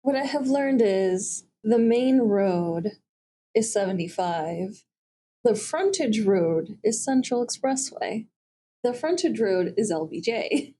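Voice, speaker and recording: A woman on a law firm's team, explaining things in a slow, measured way during a casual chat. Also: medium pitch, lively intonation, warm tone, a little hiss or hum. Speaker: law firm team member.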